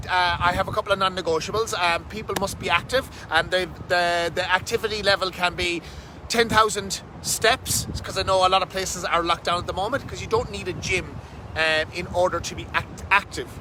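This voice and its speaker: A man talking fast and energetically as a fitness coach, swearing casually, in a casual vlog recorded outdoors under a bridge. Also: sits high, fairly even intonation, pushed and bright, poor audio. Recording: outdoor wind and traffic noise.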